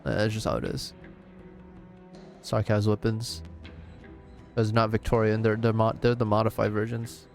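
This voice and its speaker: A man's voice: on the low side, steady tone, moderate pace, gravelly, long pauses, darkish tone, faint music behind. A man streaming a game live, chatting casually with lots of swearing and rambling restarts.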